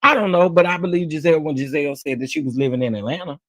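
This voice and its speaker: Talking very fast, a man who hosts a celebrity gossip channel dishes sassy, casual commentary straight to viewers he calls "y'all," hammering phrases through repetition. His voice sits on the high side and is a bit bright, with no echo.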